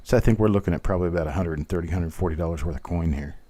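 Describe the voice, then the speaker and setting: A man runs a live online coin auction, calling out bids in a steady, rhythmic patter. His voice sits low and sounds warm and relaxed. Between lots he chats and jokes at his own expense. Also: racing. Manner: chatty, self-deprecating, rhythmic bid calling. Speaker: auctioneer host.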